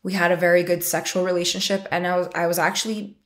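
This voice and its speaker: A woman's voice: on the low side, flat delivery, fast talker. A woman in her twenties telling a personal story in a frank, rambling, conversational way. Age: 20s. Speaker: interviewee sharing a personal story.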